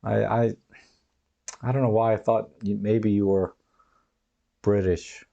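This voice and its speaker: A chatty man hosts a live stream from his home, reading out viewer comments and rambling between them. His voice sits a little low and sounds dark and mellow. He laughs often and wanders loosely from one thought to the next. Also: little pitch movement, takes it slowly, creaky, highs cut off. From United States. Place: home, dog nearby.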